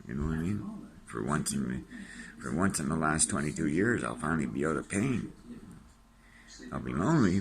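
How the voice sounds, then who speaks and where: Very deep gravelly older man. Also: fairly bright tone. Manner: wry, joking about dying. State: short of breath. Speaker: vlogger. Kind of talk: casual talk to camera.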